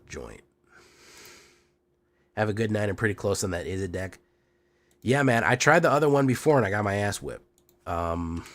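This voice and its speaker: A sick man with a hoarse, deep and raspy voice, chatting casually as a game streamer with many fillers and quiet trailing asides. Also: a little hiss or hum. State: hoarse from illness.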